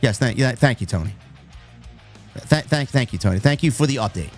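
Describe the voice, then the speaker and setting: A man's voice: medium pitch, animated, fairly quick, faint music behind. A man from New York who hosts a live stream, chatting casually and reading out viewer messages, with frequent restarts. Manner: rambling, restarts, reads viewer messages aloud. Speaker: host of a wrestling live stream.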